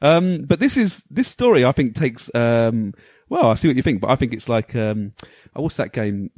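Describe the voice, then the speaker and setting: A man hosting a retro gaming podcast, enthusiastic and quick to laugh, sometimes reading a story aloud in a dramatic voice. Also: mid-range voice, dry recording. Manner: animated, enthusiastic, laughs easily. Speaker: podcast host.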